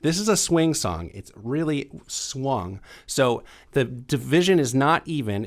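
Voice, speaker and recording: A young adult man teaching a piano lesson, explaining chords in a relaxed way and counting beats aloud. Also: medium pitch, measured pace, few pauses. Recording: piano playing under the voice. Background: piano playing.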